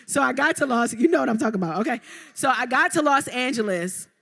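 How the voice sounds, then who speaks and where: Animated woman telling her story in a hall. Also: high voice, brisk, creaky. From Baltimore, Maryland. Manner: animated, playful, talks straight to the audience. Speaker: guest entrepreneur. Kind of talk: live stage interview, storytelling. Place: live event venue before an audience. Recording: reverberant live event hall.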